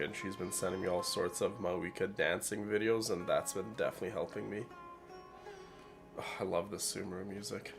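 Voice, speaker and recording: Sick nasal man with gravelly voice. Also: sits low. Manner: rambling, chatty with viewers. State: sick, congested. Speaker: gaming streamer. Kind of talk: casual let's play commentary.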